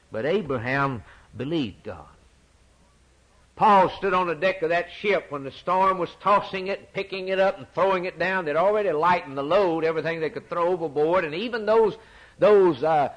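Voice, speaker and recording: A male preacher delivers a sermon with a fairly high voice. His pitch leaps and falls with wide, lively movement. He drops to near-whispers and then climbs back to ringing declarations, repeating phrases to drive them home. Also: moderate pace. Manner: dramatic swings from loud to hushed, repetitive emphasis.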